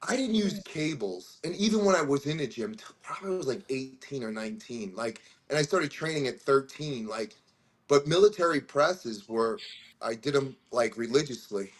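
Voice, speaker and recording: Playful male co-host, lively anecdotes. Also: medium pitch. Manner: playful, does quick voices in stories. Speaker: podcast co-host. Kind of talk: casual chat.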